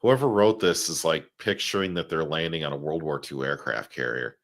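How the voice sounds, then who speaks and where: Deep-voiced man, wry and joking. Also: brisk. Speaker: co-host. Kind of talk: casual comic review chat.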